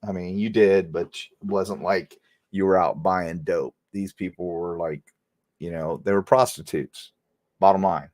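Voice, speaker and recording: Talking directly to the people watching, this former cop in middle age spins a lively, casual story. His voice sits low and he never hurries.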